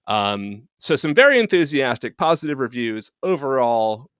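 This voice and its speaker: A man hosts a podcast in a loose, jokey way, full of ums and asides. His voice is mid-pitched and sounds dry, with no room around it. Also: big pitch swings, moderate pace, fairly bright tone, clear, resonant tone, no room sound. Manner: jokey, conversational, many ums. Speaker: podcast host. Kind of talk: casual podcast chat.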